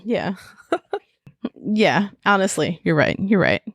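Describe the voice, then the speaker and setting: A woman's voice: mid-range voice, expressive, slow, breathy edge, dry recording, clean studio sound. A woman co-hosting a podcast in casual chat, rambling into tangents and laughing often. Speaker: podcast co-host.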